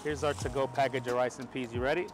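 A man from New York with a New York American accent, talking excitedly to camera in a casual vlog on a city street, swearing now and then. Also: medium pitch, quick pace, music in the background. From New York, USA. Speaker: film photography vlogger.

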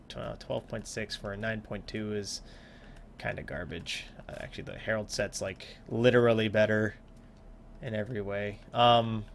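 A young man talks through his gameplay in a loose, rambling way, poking fun at himself and letting sentences fade into mumbles. His voice sits at an ordinary pitch for a man. A faint hiss runs under the desk-mic recording. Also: fairly bright tone. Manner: rambling, self-mocking, trails off into mumbles. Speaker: let's play host. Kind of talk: casual gameplay commentary.

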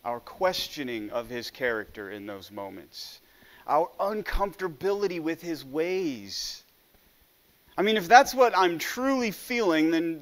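A man preaching a sermon in an earnest way, often stumbling over the first word of a phrase. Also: a little high. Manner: earnest, with frequent stammered restarts.

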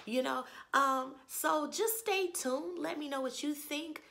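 Woman host with a strained, hoarse voice and a raspy fry, chatty and opinionated, fond of rhetorical questions. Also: high voice, slow pace, pushed and bright, slight background noise. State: hoarse, lost her voice. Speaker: TV review channel host. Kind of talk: casual spoken TV episode review.

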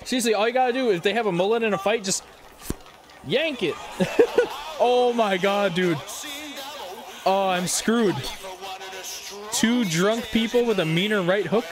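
A man giving joking let's play commentary with excitable whoops and quick reactions, over game music. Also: high-pitched. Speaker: gaming YouTuber.

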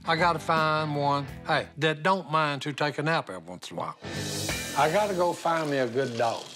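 Fairly quick and on the high side, the voice belongs to an older Southern American man in a reality show. Background music accompanies his rambling, folksy chatter, his to-camera remarks, and his scolding of the dog.

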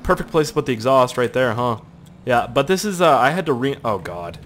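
A man's voice: medium pitch, animated, brisk, fairly bright tone, slight background noise. Rambling, foul-mouthed canadian guy. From Canada, Nova Scotia. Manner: rambling, crude, jokey, swears a lot; puts on silly voices for quoted people. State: throat irritated, coughing. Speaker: gaming video host. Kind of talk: casual gameplay commentary.

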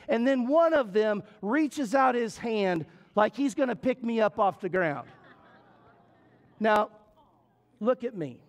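A middle-aged male pastor preaching a sermon in a church, telling a story in a folksy, playful way and building into repetitive preaching. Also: high-pitched. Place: church sanctuary.

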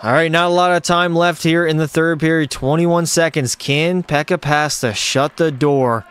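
A man's voice: a little high, fairly even intonation, normal speed, a bit bright, clear, resonant tone, no room sound. A young man streaming a hockey video game, doing hyped play-by-play and answering chat with jokes. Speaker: gaming streamer. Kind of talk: live gameplay commentary with chat.

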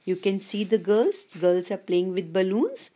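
A woman teaching a lesson to young children, speaking slowly, clearly and patiently. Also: medium pitch, very animated, mellow. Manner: slow, clear, patient, addresses children fondly. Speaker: English teacher.

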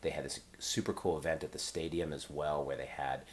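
A man who designs and reviews games, telling a rambling convention story in a casual vlog with excited restarts. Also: extremely low pitch, brisk, slight background noise.

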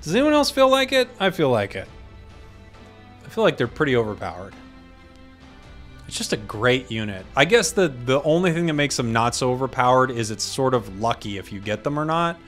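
A man's voice: mid-range voice, very animated, fairly quick, a bit bright, faint music behind. Chatty man talking over a game. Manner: chatty, self-interrupting, mutters to himself. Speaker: game commentator. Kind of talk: casual gameplay commentary.

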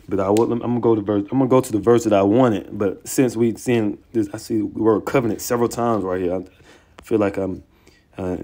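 This scripture teacher, whose voice is fairly low in pitch, preaches online in a combative, excitable way. Profane taunts at his opponents give way to reading verses aloud and stopping to remark on them.

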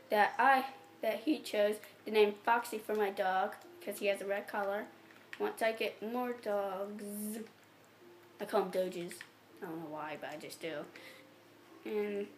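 A woman giggling through hiccups as she rambles over casual gameplay commentary to her viewers. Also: medium pitch. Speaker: gameplay channel host. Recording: echoey room, faint background noise.

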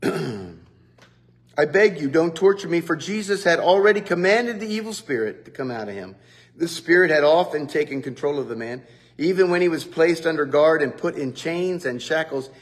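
A man giving a devotional Bible teaching, animated, who often acts out quotes. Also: on the high side, brisk. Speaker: preacher.

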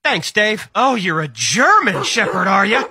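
A woman's voice: mid-range voice, sing-song, measured pace, sharp tone, slightly rough, no echo, clean studio sound. A woman giving playful, jokey voice-overs for pet clips in a comedic style. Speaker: meme voice-over narrator.

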